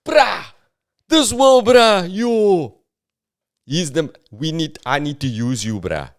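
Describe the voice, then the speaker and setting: Comic bit: God as a casual bro, done by a South African man, high and keyed up. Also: takes it slowly. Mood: excited. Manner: slangy, high, excited. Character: God as a casual slangy dude.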